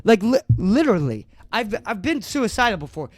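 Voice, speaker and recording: A man's voice: high voice, very animated, moderate pace, dry recording. A man hosting a solo podcast, ranting angrily and profanely, stumbling over restarts as he talks. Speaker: podcast host.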